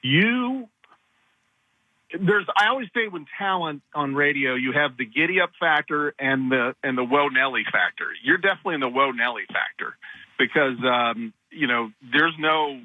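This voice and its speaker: A man's voice: a little high, expressive, moderate pace, no room sound, narrow, tinny audio. A man calling into a radio show as a former manager, blunt and coach-like in how he talks. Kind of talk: phone-in chat.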